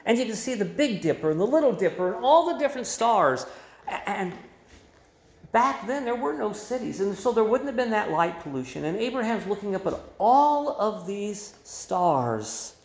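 Male pastor, sermon, lively rising and falling delivery, conversational teaching, roomy echo. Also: high-pitched, moderate pace. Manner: expository, conversational preaching with emphatic quoted voices.

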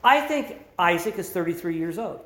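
Preacher giving a sermon, stresses each point slow and emphatic, mid pitch, echoey room. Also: expressive, fairly bright tone. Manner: emphatic, deliberate teaching delivery. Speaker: pastor.

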